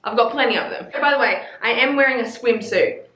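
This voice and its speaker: A woman's voice: fairly high pitch, fairly quick, a bit bright, reverberant. A woman in her twenties with an Australian accent, chatting casually about books, gushing and swearing freely. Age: 20s. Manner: gushing and sweary, with playful swooning asides. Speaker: book vlogger. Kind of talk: casual chat.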